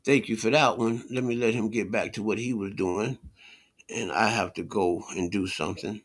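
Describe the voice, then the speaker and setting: A man's voice: fairly low pitch, steady tone, normal speed, husky. A man streaming a reaction to a video, talking with heated scorn, repeating himself and swearing. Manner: scornful, repetitive, swears a lot.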